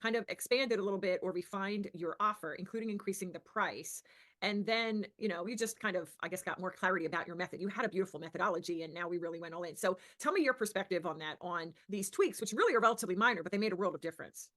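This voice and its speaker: Woman host, business coach, encouraging interviewer, quick delivery. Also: lowish voice, fairly bright tone. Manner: encouraging, leading questions. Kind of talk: interview questions.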